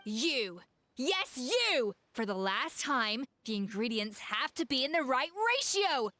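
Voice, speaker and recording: An exacting head chef woman in a video game, scolding with a cutting edge. Her voice is bright and sharp, sitting a little high. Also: sing-song, takes it slowly, exaggerated voice.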